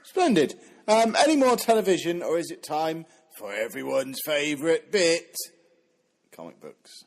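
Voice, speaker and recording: A man hosting a casual podcast, announcing the next segment in a bright, animated way. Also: on the high side, moderate pace, vocal fry. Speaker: podcast host moving segments along. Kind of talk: casual chat.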